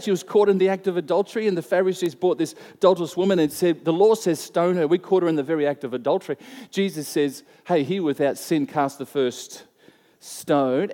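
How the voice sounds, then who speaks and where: Talking fast in a warm, fairly high voice, a pastor shares a personal story during his sermon, chatting conversationally and performing the voices of those involved. The long reverb of a church hall surrounds him.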